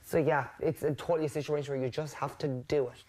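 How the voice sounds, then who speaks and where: A man's voice: fairly high pitch, steady tone, quick pace, a little mellow. A man housemate in a casual heart-to-heart, blunt and reassuring, swearing freely. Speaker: reality show housemate.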